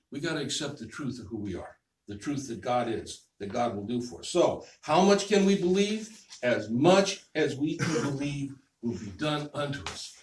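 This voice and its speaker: Relaxed man preaching in an echoey hall. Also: on the high side. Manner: conversational, repeats phrases, checks in with "okay?". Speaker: minister. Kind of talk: sermon. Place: church hall. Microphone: distant room mic. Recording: echoey hall, distant mic, faint noise.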